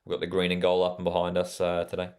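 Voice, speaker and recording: A young man with an Australian accent talks through a live football watch party in a relaxed, rambling way. His voice sits a little low, and he reads viewer messages aloud between remarks on the play. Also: fast talker. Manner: chatty, reads out live chat, frequent fillers. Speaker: watchalong host. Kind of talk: casual live commentary.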